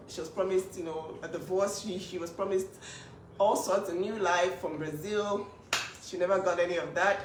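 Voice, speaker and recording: A woman's voice: medium pitch, a little hiss or hum. A woman speaking up for her younger sister in a vlog, emphatic and indignant, often repeating herself. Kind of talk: emotional vlog talk. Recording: echoey room, mic at a distance.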